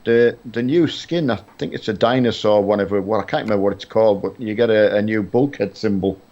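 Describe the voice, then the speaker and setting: A middle-aged man with a somewhat low, warm voice chats casually and briskly with his son on a live stream of a truck game. He rambles and hesitates, full of fillers and restarts, and the stream audio is dull and lo-fi.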